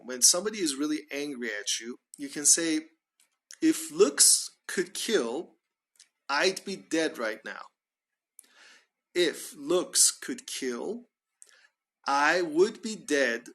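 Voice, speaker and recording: Bright-voiced Canadian man teaching English. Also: fairly high pitch. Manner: patient, repeats phrases slowly with examples. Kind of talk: spoken English lesson on idioms.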